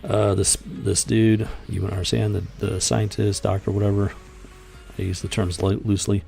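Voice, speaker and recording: A man's voice: lowish voice, level tone, normal speed, vocal fry, mellow, faint music behind. A man hosting a comics review show, reading panels aloud and commenting in a sarcastic, exasperated, rambling way.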